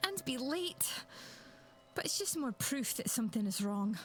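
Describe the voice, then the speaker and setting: An actress voicing a flustered young woman psychic with a Scottish accent, breathy and apologetic, in video game dialogue. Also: on the high side, big pitch swings, measured pace.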